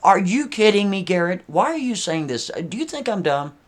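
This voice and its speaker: A man's voice: mid-range voice, very animated, unhurried, a bit bright. A man voicing a pushy young office woman who questions and mocks a coworker in an indignant tone.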